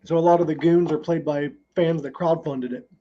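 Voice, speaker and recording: A man's voice: on the high side, steady tone, fairly quick, warm tone, muffled recording. A man hosting a casual podcast, reading film trivia with many ums. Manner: reads trivia with frequent ums. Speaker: podcast host.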